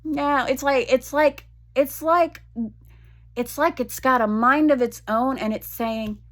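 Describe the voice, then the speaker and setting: A woman talking frankly in a personal vlog, venting with blunt swearing and halting restarts. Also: high voice, steady tone. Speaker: vlogger.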